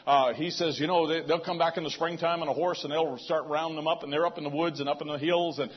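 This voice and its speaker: A male pastor preaches in a loose, talky way, often doubling back on his words. His voice sits a little high and sounds husky. The recording is dull and lo-fi. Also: fairly even intonation, quick pace. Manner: conversational preaching with repeated restarts. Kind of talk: sermon.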